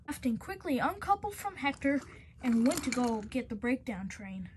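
A woman's voice: high voice, very animated, normal speed, slight background noise. A young woman narrating a homemade toy-train story in plain, repetitive phrasing.

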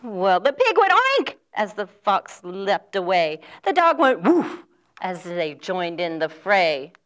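She's an American librarian sharing a children's picture book, her mid-range voice very animated and fairly bright. She takes it slowly, using a sing-song storytelling style with animal sounds.

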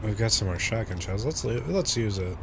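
A man hosting a let's play, giving gameplay commentary full of jokes, swearing and quick reactions. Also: lowish voice, animated, gravelly, noisy background.

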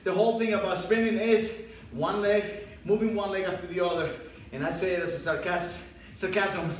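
High-voiced man coaching a spin class. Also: fairly even intonation, normal speed, very echoey, far from the mic, slight background noise, rough recording. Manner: shouted counts and pep calls over music. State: out of breath. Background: loud workout music.

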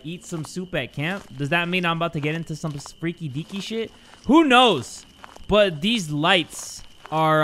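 A young man doing let's-play commentary, excitable and crude, joking loudly at the screen. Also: a little high, slight background noise. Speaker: gaming YouTuber.

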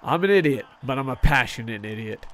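A man giving casual, excitable commentary on a hockey video game stream, swearing often and poking fun at himself. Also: mid-range voice, a little fast. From United States. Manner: excitable, profane, self-mocking.

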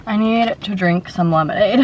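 A woman's voice: medium pitch, measured pace, background noise. A woman in her twenties doing a casual mukbang vlog, chatting upbeat while she eats. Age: 20s. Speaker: food vlogger.

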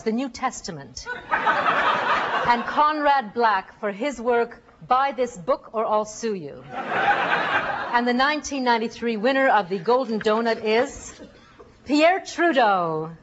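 A woman presenting a mock awards show in a comedy sketch, with brisk deadpan joke delivery. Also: fairly high pitch, highs cut off, heavy background noise.

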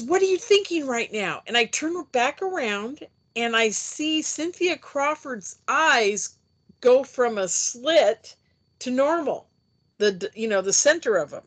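A woman telling a personal story in a casual interview, animated and chatty, acting out the voices she quotes. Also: on the high side. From United States. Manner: chatty with frequent fillers. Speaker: interview guest, UFO experiencer.

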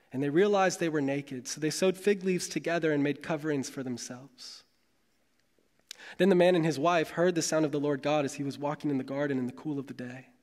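A male pastor with a slightly high voice delivers his sermon in a measured, dramatic way, leaning into long pauses. His voice carries a lingering reverb from the hall around him. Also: a little mellow.

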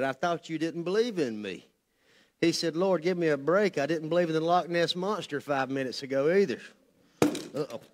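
Male pastor, slightly high voice; folksy, humorous sermon delivery in a church sanctuary. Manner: folksy, joking, loses his notes.

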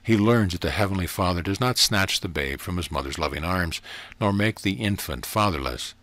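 A man reading a spiritual book aloud in a measured, even narration. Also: sits low. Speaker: audiobook reader. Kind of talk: scripted narration.

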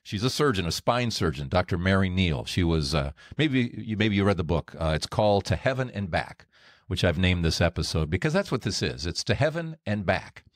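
A middle-aged man hosting a podcast, retelling a story in an animated way and jumping his voice up when he acts out quoted lines. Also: deep voice, a little fast, no room sound, studio quality. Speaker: podcast host. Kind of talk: storytelling monologue.

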